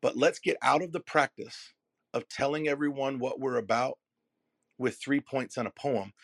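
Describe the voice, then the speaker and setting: His mid-range voice comes through a dry recording as he gives a motivational talk to a live audience. He's a keynote speaker and messaging coach, speaking emphatically like a preacher, with dramatic pauses and repeated phrases.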